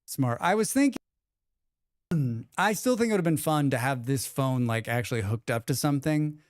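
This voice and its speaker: A young man rambles through a relaxed live-stream chat and reads viewers' messages back to them. His voice is smooth and clear, recorded dry and close with hardly any room sound. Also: medium pitch, moderate pace, no echo. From United States.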